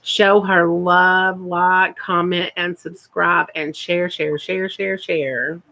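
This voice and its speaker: A woman's voice: fairly low pitch, fairly even intonation, takes it slowly, sharp tone, rough recording. A woman, chatting casually on her first live stream and repeating words for emphasis.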